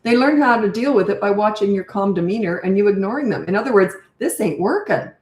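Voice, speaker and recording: A woman's voice: mid-range voice, fast talker, a little mellow. An older woman, a parenting coach, answering viewer questions in a chatty, direct way. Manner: chatty and direct, reads comments aloud. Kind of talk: live Q&A answering viewer comments. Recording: echoey room.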